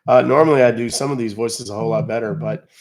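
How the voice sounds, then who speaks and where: Wry streamer, man, worn voice, mid pitch, loose chatty asides. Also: quick pace, a little mellow. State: voice not fully recovered. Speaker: scam-baiting streamer. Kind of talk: live stream commentary.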